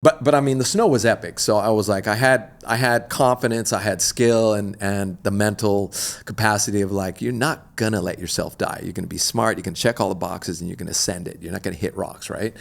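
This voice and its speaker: A middle-aged man, an extreme athlete guest, telling a story in an animated, slangy, laid-back way. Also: lowish voice, brisk, vocal fry. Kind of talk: casual storytelling interview.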